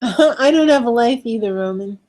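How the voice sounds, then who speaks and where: Chatty woman with a high voice. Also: animated, normal speed, a little mellow. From New York. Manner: chatty, laughing, trailing off mid-sentence. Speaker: co-host. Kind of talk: casual chat.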